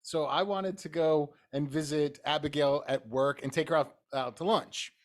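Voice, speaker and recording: Middle-aged man, podcast co-host with a slightly high voice, rambling and self-mocking, casual chat. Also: fairly even intonation, normal speed. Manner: rambling storyteller, laughs at himself.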